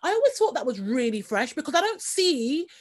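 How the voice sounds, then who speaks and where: Woman hosting a casual one-on-one chat, high voice, emphatic and chatty. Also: big pitch swings, a little fast. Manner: emphatic, conversational, laughs easily. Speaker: host.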